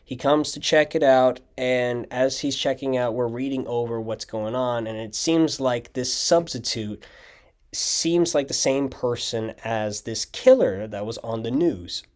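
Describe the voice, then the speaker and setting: A man's voice: mid-range voice, a little slow, darkish tone. A young man talking through his own video projects in casual audio commentary, rambling with lots of fillers and restarts. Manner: rambling, filler-heavy storytelling with frequent "like" and restarts. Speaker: channel creator giving audio commentary.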